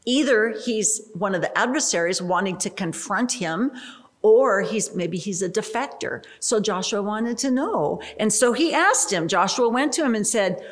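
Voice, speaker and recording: A woman leading a Bible study, expressive and emphatic. Her pitch is mid-range, and her pace shifts between drawn-out stresses and quick asides. She talks straight to her listeners. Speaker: Bible teacher.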